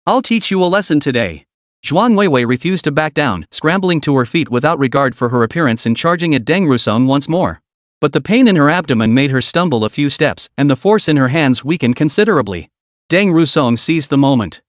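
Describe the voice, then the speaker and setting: A man narrates a comic recap in a dramatic storytelling manner. His voice sits slightly high and moves lively in pitch. The sound is dry and close. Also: fairly quick, no echo.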